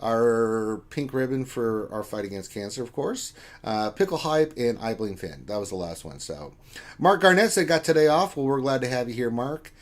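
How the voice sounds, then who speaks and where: A man's voice: mid-range voice, lively intonation, normal speed. A man co-hosting a casual live stream, reading viewer chat aloud with joking, playful teasing.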